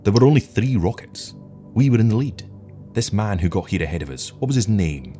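A man's voice: sits low, expressive, quick pace, mellow, soft background music. A man voicing a tired, cynical older rocket captain who snaps impatiently at his lieutenant. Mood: snappish, incredulous. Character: weary, sharp-tongued older male rocket captain.

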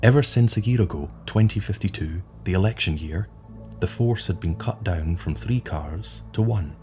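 A man with a very low, dark voice reads a short story aloud in a measured, atmospheric way. Faint music plays beneath his narration.

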